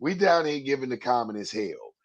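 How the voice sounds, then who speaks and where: A man's voice: medium pitch, brisk, muffled recording, faint music behind. Man telling stories in casual talk. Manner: storytelling, digressive, animated when recounting. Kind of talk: casual political chat.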